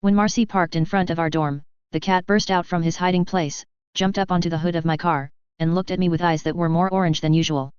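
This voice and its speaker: An audiobook narrator reading fanfiction in an even, measured way. The voice is very smooth and clean, recorded dry with no room sound, and the audio is a little dull and lo-fi. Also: mid-range voice, no room sound.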